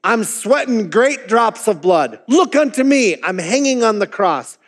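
A pastor reads aloud as a plain-spoken country lay preacher, earnest and insistent, hammering the same plea over and over. His voice sits high and strains upward. It rings out with a long reverberant hall tail. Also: animated, measured pace. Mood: pleading. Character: homespun fervent male lay preacher, pleading.

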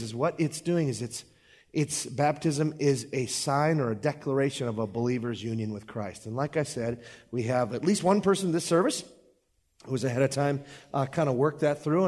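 Casual pastor preaching in a reverberant hall. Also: male voice, medium pitch, darkish tone. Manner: conversational preaching with playful asides. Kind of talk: sermon. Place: church service.

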